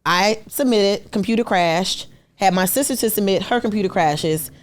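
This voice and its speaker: A woman in her thirties, a podcast guest, telling her story in casual, colloquial talk and acting out the people she quotes. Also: normal speed. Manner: animated, acts out quoted people with sudden high pitch jumps; colloquial, slangy, emphatic. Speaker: podcast guest, artist and entrepreneur.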